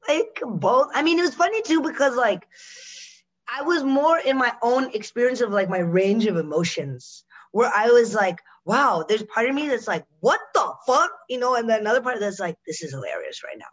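A young woman from the United States, a comedian and actress, chatting casually on a podcast, animated and swearing, acting out quotes and laughing often. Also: on the high side, normal speed, lo-fi sound.

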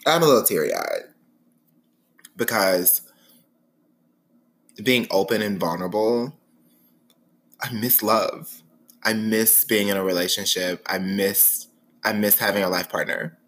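Bright-voiced, dramatic male podcast host. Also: lowish voice, measured pace. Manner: dramatic, expressive storyteller; frank and sassy. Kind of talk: candid podcast monologue.

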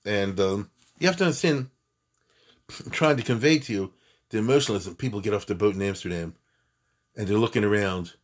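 A man teaching Jewish history in a lively, emphatic classroom talk, full of asides and restarts. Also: fairly low pitch, brisk, pauses often. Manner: animated, emphatic, conversational with many asides and restarts.

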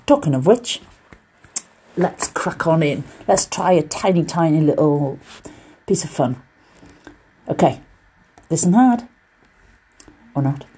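Deep-voiced, dark in tone, and slightly rough, a British quilting teacher presents a laid-back solo podcast about quilting. She's chatty and encouraging, prone to rambling asides.

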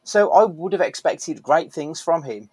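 A man's voice: on the high side, lively intonation, measured pace, darkish tone, husky, no room sound, rough recording. A man hosting a casual podcast chat, blunt, opinionated and freely profane. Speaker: podcast host.

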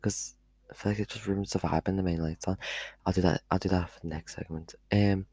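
A man's voice: low voice, steady tone, a little fast, gravelly, dark tone, breathy edge, dry recording. A teenage boy chatting casually on a live stream into a headphone mic, rambling and losing his thread. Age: teens. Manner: chatty, meandering, loses his train of thought. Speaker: vlogger.

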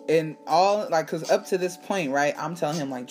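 A woman hosting her own show, telling a personal story in a candid, animated way, swearing freely and acting out what people said. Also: low-pitched, moderate pace, hardly any pauses, faint music behind. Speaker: podcast host. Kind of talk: casual storytelling monologue.

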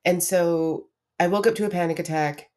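A woman's voice: fairly low pitch, fairly even intonation, moderate pace, a little mellow. A young woman hosting her own podcast, talking candidly about a hard week in a casual, confessional way with lots of restarts. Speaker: podcast host. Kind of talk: casual personal monologue.

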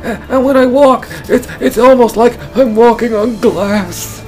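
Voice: mid-range voice, a little slow, darkish tone. A comedy sketch performer playing a worried patient and describing his pains.

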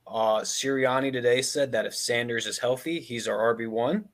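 A man co-hosting a casual podcast who drops dry wisecracks and gives measured sports predictions. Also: medium pitch. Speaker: podcast co-host.

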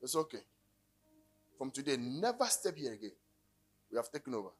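A middle-aged Ghanaian man preaching a sermon, telling stories and joking, breaking into sudden loud bursts. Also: medium pitch, sing-song, brisk, husky, faint music behind. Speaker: pastor.

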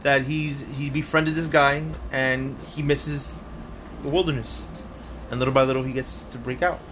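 A man's voice: medium pitch, steady tone, normal speed. Man, casual podcast chat, easygoing, repeats himself, noisy room recording.

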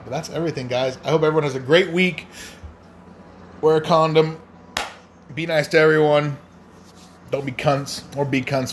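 A man's voice: medium pitch, a little hiss or hum. A man hosting a casual solo podcast, rambling and swearing freely in a loose, crude way. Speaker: podcast host.

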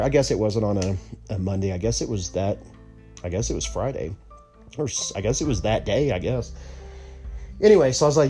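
A man's voice: mid-range voice, animated, brisk, dark tone, soft background music. A man telling a personal story in a casual, rambling way, full of restarts and asides.

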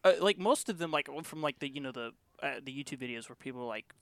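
Man, podcast co-host, rambling chat, bright voice, dry close sound. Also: mid-range voice, lively intonation, quick pace, smooth, no echo. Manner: rambling, full of "like" and restarts. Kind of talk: casual chat.

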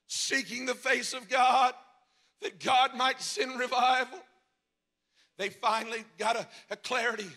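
A man preaching a revival sermon as pastor, shouting in a sung cadence at the peaks and dropping low and quiet in between. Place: church sanctuary. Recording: long reverb of a large hall.

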